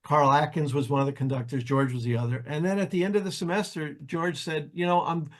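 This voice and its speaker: Older male guest, slightly high voice, chatty storyteller, restarts a lot. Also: a little fast. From New Jersey, US. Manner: animated anecdotes, acts out quoted voices, frequent restarts. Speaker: interview guest, jazz pianist. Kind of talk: casual storytelling.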